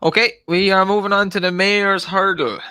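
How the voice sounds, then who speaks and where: A man hosts a betting podcast with quick jokes and teasing banter. His voice sits high and bright. The sound is dry and close to the mic. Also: steady tone, clean tone, dry recording. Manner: joking, teasing, laughs often. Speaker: podcast host.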